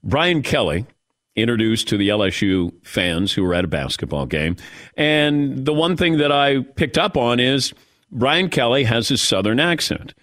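A man's voice: mid-range voice, very animated, normal speed, fairly bright tone, no room sound, clean studio sound. A man hosting a sports talk radio show, bantering playfully with his crew.

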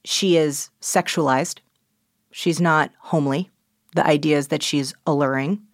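Low-voiced woman author, dry studio sound. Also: no echo. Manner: animated, quick, breaks into quick voice impressions. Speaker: author and interviewee. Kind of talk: conversational interview.

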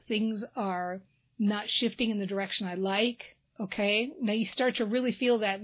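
A woman's voice: mid-range voice, muffled recording. A woman coaching her listeners through a motivational talk, earnest, acting out sample sentences for them to say.

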